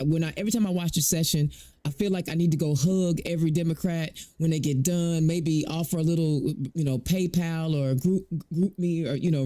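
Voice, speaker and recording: A woman's voice: on the low side, warm tone. A woman hosting a political talk show, chatty and affirming, often restarting her sentences. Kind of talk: casual interview chat.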